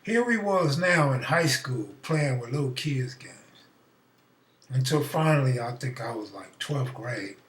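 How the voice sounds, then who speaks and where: A middle-aged man, host of a live stream, telling a profane, animated story in a casual way and acting out the voices. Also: medium pitch, measured pace, roomy sound, far from the mic.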